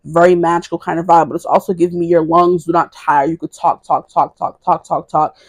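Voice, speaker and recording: A woman's voice: lowish voice, level tone, fairly quick, slightly rough, dry recording. A woman in her twenties giving a casual tarot reading to camera, rambling, correcting herself and giggling. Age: 20s. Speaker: tarot reader.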